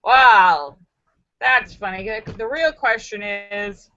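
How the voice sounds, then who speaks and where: A woman with a mid-range voice takes it slowly, her tone bright and forceful. Hosting a live stream, she reads viewers' jokes with theatrical flair, jumps into voices, shrieks for punchlines and keeps up chatty asides and frequent laughter. Her dull, lo-fi computer mic sounds dry, with no echo.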